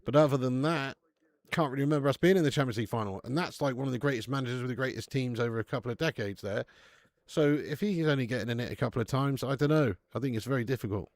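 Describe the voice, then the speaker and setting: A man's voice: mid-range voice, no room sound. A man hosting a live football watch-along, chatting casually, laughing often and swearing freely as he reads out viewers' messages. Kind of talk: casual live stream chat.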